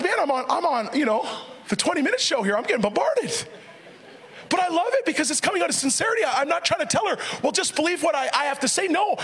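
A middle-aged pastor preaching with energy, telling a story and voicing other people as he goes, with frequent laughter. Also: extremely high pitch. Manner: animated, quotes others in raised voices, laughs often.

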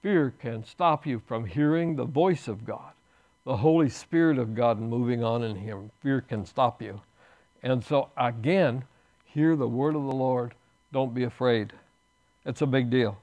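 A man's voice: medium pitch, a little slow, highs cut off. A man pastor preaching a sermon in church, earnest, with restarts and emphatic bursts.

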